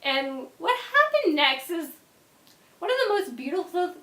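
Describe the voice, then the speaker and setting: A young woman vlogger telling a casual story in an animated way, often dropping into quiet asides. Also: extremely high pitch, measured pace, echoey room.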